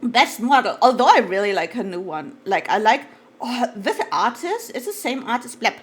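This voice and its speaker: A woman chatting casually on a live stream with a slightly high voice. She gushes excitably and swears freely, often trailing off into stacks of fillers. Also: normal speed, husky.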